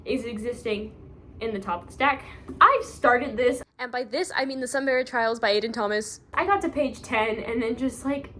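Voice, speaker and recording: A woman's voice: on the high side, normal speed, sharp tone, a little hiss or hum. A young woman vlogging casually about her reading pile, rambling, self-mocking and full of fillers. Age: young adult. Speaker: book vlogger. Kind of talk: casual chat.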